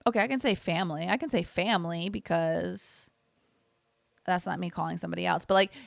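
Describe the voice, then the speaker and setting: A woman's voice: fairly low pitch, a little fast, vocal fry, dry recording. A young adult woman hosting a podcast, chatting casually and candidly in a rambling way with lots of fillers and swearing. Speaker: podcast host. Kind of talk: casual chat, storytime.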